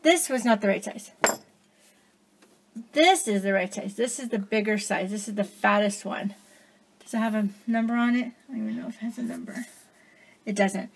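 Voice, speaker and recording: A woman and mother filming a casual how-to vlog in her home kitchen, talking into an iPad she holds in one hand, chatty and bursting into excited cheers. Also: mid-range voice, moderate pace, pauses often. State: out of breath. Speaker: home DIY vlogger and mother. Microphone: iPad held in one hand. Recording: noisy home recording.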